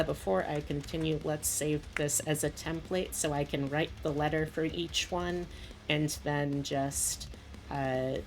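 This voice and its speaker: A woman's voice: low voice, a little hiss or hum. A woman VTuber chatting casually while she draws on stream, rambling with lots of asides.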